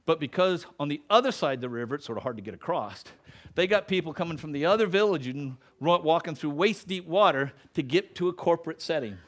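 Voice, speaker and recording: A middle-aged male pastor preaching a sermon in church, earnest, rising in emphasis then dropping soft, closing in prayer. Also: a little high, expressive, fast talker. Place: church sanctuary.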